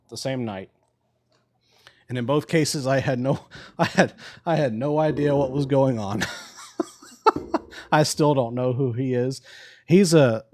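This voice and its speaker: A man with a wife tells a laid-back story on his live stream, laughing and swearing as he goes. Heard through the stream's microphone, his voice is medium in pitch and a bit mellow.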